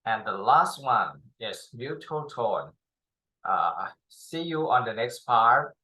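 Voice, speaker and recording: Slow, patient male language tutor. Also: mid-range voice, expressive, sharp tone, rough recording. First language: Thai. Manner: slow, repetitive, demonstrates sounds with many pauses and fillers. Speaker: Chinese tutor. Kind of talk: slow spoken language lesson.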